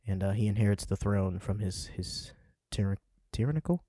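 Profane young man with a low voice. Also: monotone, moderate pace, warm tone, dry recording, clean studio sound. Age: 20s. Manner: loose, rambling and profane. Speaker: podcast co-host. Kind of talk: casual chat. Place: indoors by a window.

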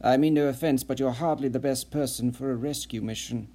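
A man reading an audiobook, voicing a shrewd, seasoned spy who talks in a measured, pointed, dryly ironic way. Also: mid-range voice, steady tone, dark tone, close to an everyday voice. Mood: probing. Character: shrewd seasoned male spy, dry and probing.

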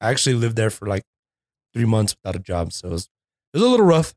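A man's voice: fairly low pitch, big pitch swings, quick pace, darkish tone, no room sound, clean studio sound. A man in his thirties who works as a DJ, talking easily on a podcast and laughing often. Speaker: DJ guest. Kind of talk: casual chat.

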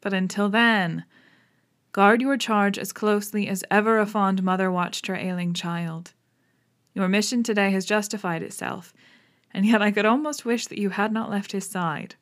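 A woman's voice: mid-range voice, steady tone, normal speed, close to an everyday voice. A woman reading the lines of an intense, commanding male Victorian detective, grave and clipped.

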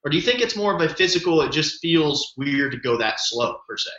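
A man's voice: a little high, fairly quick. A man hosting a podcast, enthusiastic and rambling, telling stories and asking long questions. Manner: enthusiastic, rambling, animated storytelling. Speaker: podcast host. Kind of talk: casual podcast chat. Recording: echoey lo-fi room.

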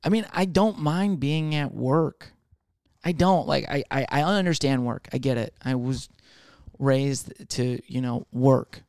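A man's voice: medium pitch, unhurried, darkish tone, no room sound, clean studio sound. A man in his twenties telling a rambling, profane comic monologue with lots of restarts. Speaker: comedian.

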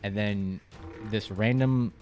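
A man's voice: lowish voice, takes it slowly, heavy background noise. A man narrating a tabletop game as game master, patiently explaining rules and laughing often.

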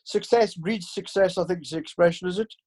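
A man's voice: high voice, fairly quick, a little mellow. An older man, casually telling rambling anecdotes in an interview, full of fillers and restarts. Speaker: interview guest, former football club staff. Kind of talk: casual storytelling.

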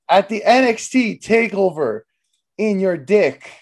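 A young man hosting a casual comedy podcast, joking around loudly and swearing freely. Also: sits high, lively intonation, slow. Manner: loud, profane, joking banter. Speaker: podcast host.

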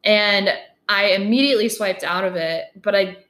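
A woman's voice: medium pitch, moderate pace, fairly bright tone. A young woman recounting events in casual chat, rambling and full of "like"s. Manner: rambling, breathless recounting with many "like"s. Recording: echoey room.

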